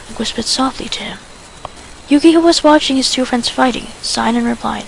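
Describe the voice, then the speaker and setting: Woman reading a fanfic story out loud, quiet soft narration, really gravelly fry, kinda high voice. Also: normal speed, slight background noise, low-quality recording. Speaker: fan fiction reader. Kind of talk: first-person story narration.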